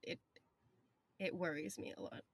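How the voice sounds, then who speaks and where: A woman's voice: on the low side, normal speed, a little hiss or hum. A woman and parent offering reassurance in candid chat, blunt and casually swearing. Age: adult parent.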